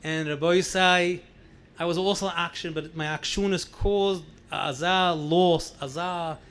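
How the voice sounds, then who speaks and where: A man's voice: a little high, measured pace, clear, resonant tone. A man in his sixties with a New York accent, a rabbi telling stories at a gathering, acting out the dialogue and mixing in Yiddish phrases. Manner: animated, acts out dialogue, mixes in Yiddish phrases. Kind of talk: storytelling talk at a gathering.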